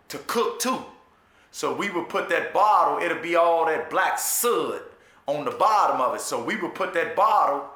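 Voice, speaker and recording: A man casually retelling a personal story, using profane street slang and often asking "you know what I'm saying". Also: mid-range voice. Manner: animated retelling with restarts and repetitions. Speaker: storyteller recounting his jail time. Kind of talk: casual spoken storytelling monologue. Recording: echoey room.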